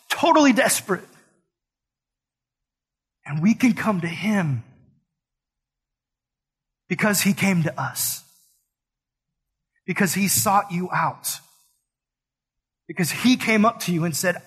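A man's voice: sits high, fairly bright tone, slightly rough. A man preaching a sermon in an earnest, conversational way, mixing scripture with casual slang. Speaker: pastor.

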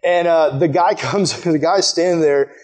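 A young American man telling a rambling, animated story to a room full of listeners, full of "like" fillers. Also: on the high side, measured pace. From United States. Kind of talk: storytelling talk to a group. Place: room with a live audience.

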